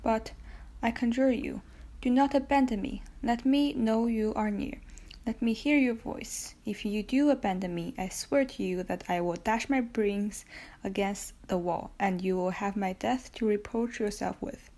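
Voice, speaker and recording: A woman's voice: mid-range voice, a little slow, warm tone. A woman reading the part of a young male prisoner, pleading fervently in an audiobook. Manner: fervent, imploring.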